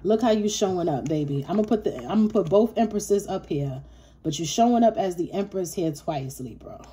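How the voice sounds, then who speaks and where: A woman's voice: lowish voice, expressive, a little fast, mellow, slight background noise. A woman giving a casual tarot reading, blunt and profane, talking straight to the viewer and repeating herself for emphasis. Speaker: tarot reader.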